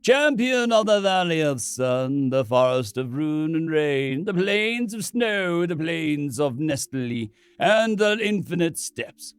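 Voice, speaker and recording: A man voicing a middle-aged priest who intones a ritual in slow, ceremonial phrases. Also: fairly high pitch, big pitch swings, smooth, no room sound, clean studio sound, voice pushed up, full character voice. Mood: solemn, ritual. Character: solemn chanting middle-aged male priest.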